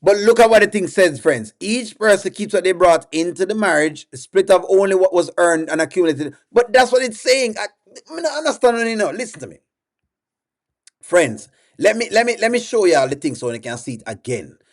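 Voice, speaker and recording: A man's voice: high voice, expressive, normal speed. A man with a Jamaican accent hosting a casual livestream, coaxing viewers and repeating himself as he reads their comments aloud.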